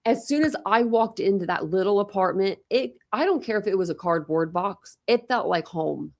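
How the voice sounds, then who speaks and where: A woman's voice: medium pitch, expressive, normal speed. A talkative young woman hosting a casual panel chat, telling stories with lots of quoted voices. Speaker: channel host.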